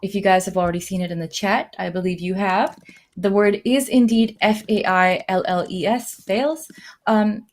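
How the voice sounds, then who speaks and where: A woman giving live commentary on a board game, thinking aloud with many fillers and lively jumps in her voice. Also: medium pitch, normal speed. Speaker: tournament commentator.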